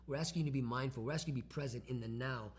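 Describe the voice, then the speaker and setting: Fast-talking animated male co-host. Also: medium pitch, husky. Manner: quick, animated, acts out phone calls. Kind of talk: casual co-hosted talk.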